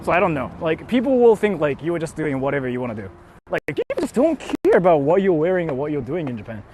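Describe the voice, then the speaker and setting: Lively, animated young man chatting. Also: a little high, fast talker, background noise. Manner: animated, playful and sweary. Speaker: streamer. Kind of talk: casual live-stream chat reading donations.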